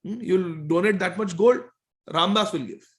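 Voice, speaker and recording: A man's voice: high-pitched, moderate pace. A man voicing greedy male temple priests who wheedle and scheme over gold. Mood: wheedling.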